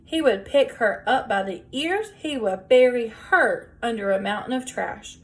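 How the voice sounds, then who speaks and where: A woman reading a children's novel aloud in a gentle, measured storytelling voice. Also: a little high. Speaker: audiobook reader.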